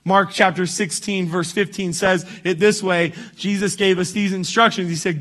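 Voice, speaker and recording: A man preaches with a high, bright voice. He talks to the congregation conversationally, tossing in quick "right?" check-ins and starting sentences over as he goes. It comes across as a casual, direct sermon. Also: fairly even intonation. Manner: conversational preaching, frequent "right?" asides and restarts. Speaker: pastor.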